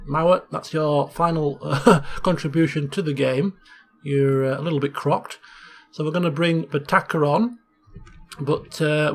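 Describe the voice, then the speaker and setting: A man casually commentating over a football management game he plays, chatty and excitable. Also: a little high, gravelly. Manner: chatty, bursts into excited shouting at goals. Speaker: Let's Play host.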